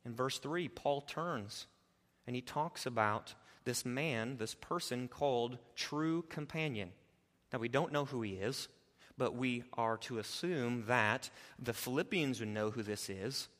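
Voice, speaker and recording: A man preaching an expository sermon, moving between quiet explanation and loud, emphatic urging. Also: medium pitch, measured pace, big-room sound. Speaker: pastor.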